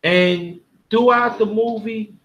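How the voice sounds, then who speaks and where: A panel host from Brooklyn, New York, tells a story in a casual, heartfelt and emotional way, rambling and frequently restarting. His voice sits high with a fairly bright tone, and he speaks slowly.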